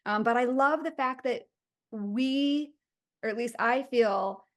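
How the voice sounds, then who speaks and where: A woman hosting a podcast interview, encouraging and quick to affirm her guest. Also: a little high. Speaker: podcast host.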